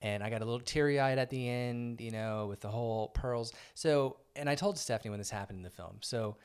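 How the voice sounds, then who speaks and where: A man's voice: medium pitch, brisk, a little mellow, clear, resonant tone. A man co-hosting a podcast, joking and chatting casually in a movie review. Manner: joking, chatty, prone to asides. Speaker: podcast co-host.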